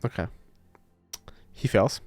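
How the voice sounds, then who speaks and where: A man's voice: slow pace, a little mellow. Man narrating as game master, hissy. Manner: loose, filler-heavy description. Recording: hissy recording.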